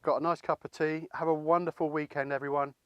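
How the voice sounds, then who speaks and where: A man's voice: on the high side, flat delivery, quick pace, clean tone, no room sound, highs cut off. A man from England hosting a home cooking video, talking casually and rambling a little as he cooks and tastes. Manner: chatty, rambling, self-deprecating. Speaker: cooking channel host.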